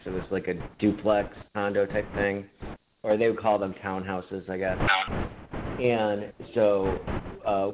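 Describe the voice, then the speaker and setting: A man co-hosting a podcast, telling an old story in casual chat, laughing often and swearing. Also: fairly low pitch. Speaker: podcast co-host. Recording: phone-like audio with faint noise.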